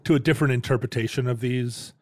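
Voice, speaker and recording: A man hosting a podcast, asking questions and summing up points in relaxed chat. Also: medium pitch, quick pace, dry recording, clean studio sound. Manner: asks leading questions and sums up the guest's points. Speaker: podcast host. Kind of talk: casual conversational podcast chat.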